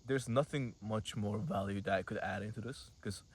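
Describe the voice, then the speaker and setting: A man's voice: lowish voice, moderate pace, husky. An 18-year-old man telling a rambling, casual story to camera, full of fillers and swearing. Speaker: vlogger.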